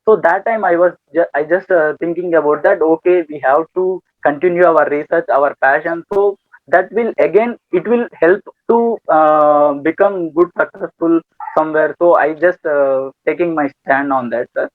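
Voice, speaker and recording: A man's voice: a little high, moderate pace, dry recording. A young man answering interview questions hesitantly, with many fillers and a polite "sir". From India. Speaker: student guest. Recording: tinny phone-like call audio.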